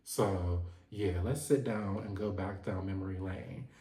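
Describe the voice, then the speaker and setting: A man's voice: deep voice, a little slow, mellow. A man giving a sassy, playful recap of a reality show in a casual vlog. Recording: echoey room.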